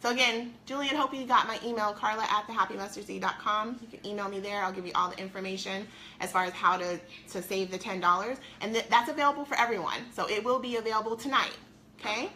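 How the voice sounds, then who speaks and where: A woman's voice: mid-range voice, fast talker, sharp tone, a little hiss or hum. A middle-aged woman chatting to viewers on a live stream from her home, a weight-loss coach in an upbeat, talkative manner.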